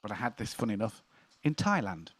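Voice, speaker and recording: A man's voice: on the low side, very animated, fast, fairly bright tone, breathy edge. A man hosting a casual online quiz, chatty, laughing easily and tripping over repeated words. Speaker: quiz host. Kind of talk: casual live-stream chat.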